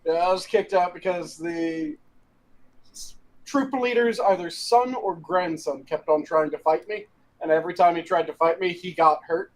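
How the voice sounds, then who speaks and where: A man's voice: sits high, normal speed, poor audio. A man chatting casually on a podcast, blunt and profane, teasing the others. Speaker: podcast co-host. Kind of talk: casual crude banter.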